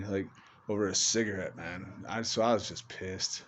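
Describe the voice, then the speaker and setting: A man's voice: low voice, moderate pace, a bit bright. A man telling a rambling comic true story in casual talk, cursing and laughing as he goes. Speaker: storyteller doing comedy shorts. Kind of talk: casual spoken anecdote. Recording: dull lo-fi with faint room noise.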